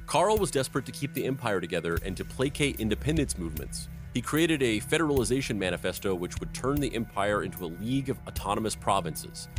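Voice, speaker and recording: A man hosting a comedic history podcast, narrating events and breaking off into playful, silly tangents. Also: lowish voice.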